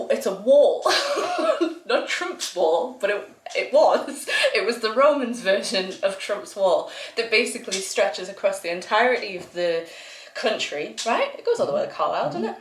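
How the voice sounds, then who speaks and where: A chatty young woman with a Northumbrian accent, talking in a casual, rambling way and often breaking into laughter. Her voice sits at an ordinary middle pitch. It echoes around a roomy space, with a faint hiss behind it. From Northumberland, England. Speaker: vlogger. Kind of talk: casual chat.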